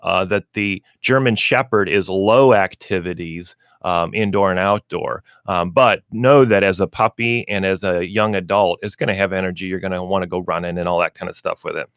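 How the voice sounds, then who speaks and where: Low-voiced guy on pet radio, chatty and folksy, dry close sound. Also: normal speed, hardly any pauses, a bit bright, clear, resonant tone, no room sound. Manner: folksy, explains with acted dog and owner voices. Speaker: pet store radio show host. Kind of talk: casual radio talk on pet training.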